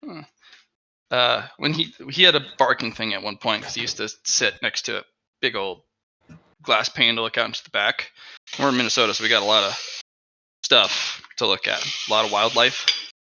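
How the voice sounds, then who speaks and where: A man chatting casually at home on an online call, rambling and animated, talking to his dog between stories. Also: mid-range voice, moderate pace, gravelly, no echo. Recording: dull, dry lo-fi mic.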